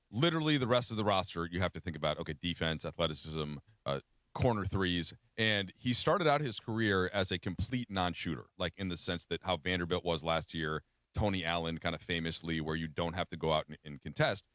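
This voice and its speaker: A man's voice: deep voice, fairly quick, a bit bright, dry recording. A man talking sports on a radio show in a studio, conversational and often restarting his sentences. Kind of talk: casual sports radio discussion.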